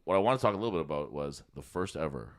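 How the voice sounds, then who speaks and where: A man's voice: rumbling low, racing. A man hosting a podcast who laughs often, swears and tells stories in casual chat. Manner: laughing, swearing, lively storytelling. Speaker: podcast host.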